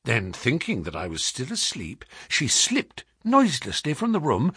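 A man narrating a story in the first person as an audiobook, with expressive delivery that drops to hushed tones in suspenseful passages. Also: medium pitch, husky, dry recording, clean studio sound.

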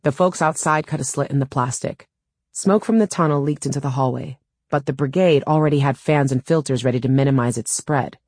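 A woman's voice: extremely low pitch, brisk, darkish tone, dry recording. A woman reading a first-person audiobook in a wry, dry storytelling manner, close to a studio mic. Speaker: audiobook narrator.

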